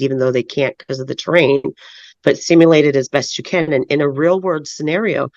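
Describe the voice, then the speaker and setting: Muffled-voice woman at a town hearing, earnest and steady, dull dry audio. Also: sits low, no room sound. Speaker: resident giving public comment. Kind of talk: public comment at a town board hearing.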